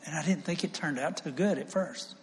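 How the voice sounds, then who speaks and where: A man preaching a sermon, telling a personal story in an animated, folksy way with chuckles. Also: on the high side, a little fast. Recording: long reverb, faint ambience.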